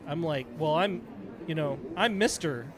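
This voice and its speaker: A middle-aged man with a fairly high voice tells a long story in a relaxed chat. He acts out the other people's lines as he goes, with a busy crowd murmuring behind him. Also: unhurried. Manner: animated storyteller acting out dialogue. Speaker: podcast co-host, retired Navy chief.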